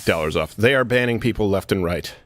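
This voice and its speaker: A man's voice: lowish voice, lively intonation, brisk, a bit bright, no room sound, clean studio sound. Brash, sarcastic male talk show host. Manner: sarcastic, brash, laughing at own jokes. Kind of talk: political comedy talk show.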